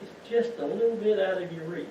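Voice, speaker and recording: High-voiced man preaching folksy sermon. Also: brisk, warm tone, a little hiss or hum. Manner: folksy, keeps asking the congregation rhetorical questions. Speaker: lay preacher. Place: church sanctuary. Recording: echoey, muffled church sound from far off.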